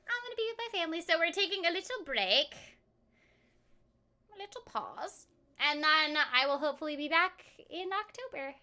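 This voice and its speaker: A woman's voice: very high voice, bright, forceful tone. A woman streaming a game, chatting casually and playfully, greeting viewers and repeating phrases in silly voices. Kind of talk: casual gameplay chat.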